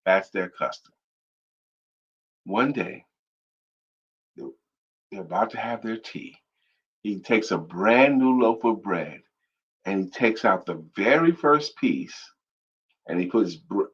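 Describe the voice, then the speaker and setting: A man with a husky, slightly rough voice that swings up and down a lot as he teases and tells stories. He co-hosts a casual chat. The sound is dull and lo-fi, like stream audio. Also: sits low, fairly bright tone. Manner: playful, teasing storyteller. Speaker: co-host.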